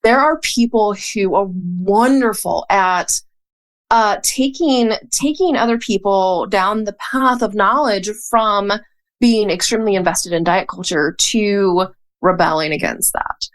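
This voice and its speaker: A woman with a Southern US accent, from North Carolina, speaking as a podcast guest in a measured, thoughtful way with dry humor. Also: medium pitch. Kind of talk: casual interview chat.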